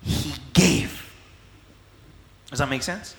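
Male preacher, deliberate teaching pace, recorded with long hall reverb. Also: mid-range voice, creaky. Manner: slow, emphatic teaching with frequent checks for understanding. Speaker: pastor. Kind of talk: sermon.

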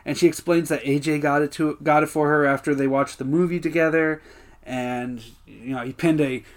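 Man recapping a sitcom, high voice. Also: moderate pace. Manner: animated retelling, acts out quotes, swears freely. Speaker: podcast co-host. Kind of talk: casual recap chat.

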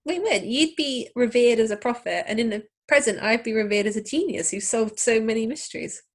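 A woman co-hosting a podcast, trading teasing, quick-witted banter. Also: fairly high pitch. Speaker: podcast co-host. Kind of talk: casual chat.

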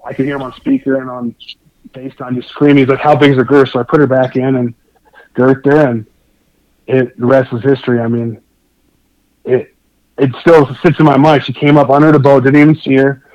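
A man telling a long fishing story in a casual, excitable, rambling way, over dull lo-fi remote audio. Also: medium pitch, a little fast, dry recording. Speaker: guest angler.

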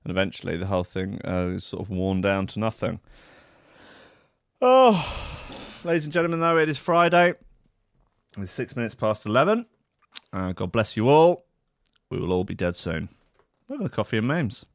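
A man hosting a radio show alone, rambling in a sardonic, sweary way, swinging from loud asides to mutters. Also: deep voice, expressive, fairly quick, creaky, dry recording, clean studio sound. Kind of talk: rambling solo radio banter.

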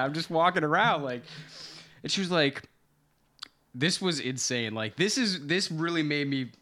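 Young male co-host, bright high-ish voice, animated casual storyteller. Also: moderate pace, long pauses. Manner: animated, swearing, laughs mid-story. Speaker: podcast co-host.

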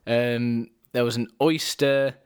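A man's voice: mid-range voice, steady tone, takes it slowly, clean tone. Dry-witted man in casual banter. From England. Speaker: podcast co-host. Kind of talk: casual podcast chat.

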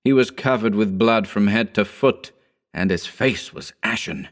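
A man reading a horror story aloud in scripted narration, measured and somber. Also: fairly low pitch. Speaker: audiobook narrator.

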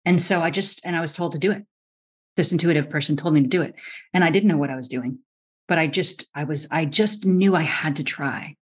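Animated woman telling a story. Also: low voice, fairly quick, slightly rough. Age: middle-aged. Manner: lively, acts out quoted voices, frequent restarts. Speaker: osteopathic physician guest. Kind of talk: animated storytelling in a podcast interview.

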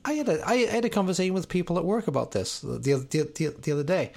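A man's voice: sits high, big pitch swings, rapid-fire, vocal fry, a little mellow. A man from abroad co-hosting a music radio show, chatting loosely and swearing freely. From another country. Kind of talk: casual chat.

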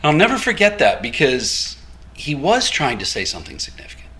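A man preaching from the pulpit, his voice swinging widely in pitch as he tells a story. The tone is bright and forward, with quick acted-out dialogue and easy chuckles. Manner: animated storytelling with quoted dialogue and light laughter. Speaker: guest preacher. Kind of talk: storytelling sermon.

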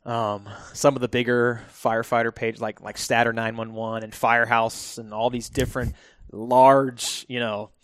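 A firefighter appears as a guest on a relaxed podcast, telling stories, laughing often, and restarting his sentences. His mid-range voice moves at a moderate pace, recorded with studio quality and no echo.

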